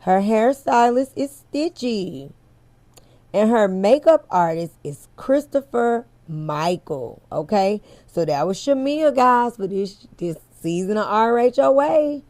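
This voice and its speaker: A woman's voice: mid-range voice, animated, slow pace, darkish tone, no room sound. A woman hosting a casual commentary chat, talking straight to her viewers in a candid, chatty way and swearing freely. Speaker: host.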